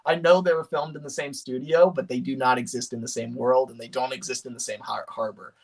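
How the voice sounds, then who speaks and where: A man chatting casually on a livestream, rambling and animated, with many fillers and restarts. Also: mid-range voice, a little fast. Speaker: streamer.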